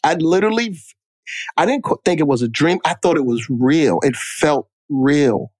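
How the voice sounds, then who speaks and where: A man's voice: a little high, expressive, normal speed, no room sound. A man co-hosting a podcast, telling personal stories emphatically and repeating lines for effect. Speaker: podcast co-host. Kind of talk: casual chat.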